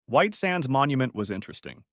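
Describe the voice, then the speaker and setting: A man reading a first-person story audiobook as narrator, with steady storytelling. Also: mid-range voice, a little fast, no echo, clean studio sound.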